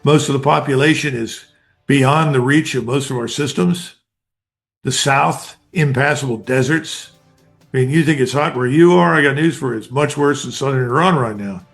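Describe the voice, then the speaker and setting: A man's voice: mid-range voice, normal speed, creaky, soft background music. An older man, a retired army colonel, giving blunt, emphatic analysis in an interview, speaking in short declarative bursts.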